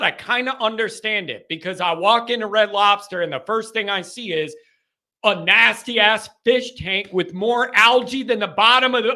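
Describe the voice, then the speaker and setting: A man in his thirties hosting a call-in sports show, rambling through jokey rants and reading fan comments aloud, with sudden shouts. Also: high voice.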